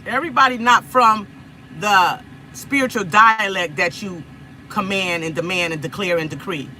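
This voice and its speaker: A woman's voice: medium pitch, normal speed, pushed and bright, slight background noise, rough recording. A woman from Los Angeles chatting casually with viewers on a phone livestream, repeating herself and laughing often. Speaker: livestream host.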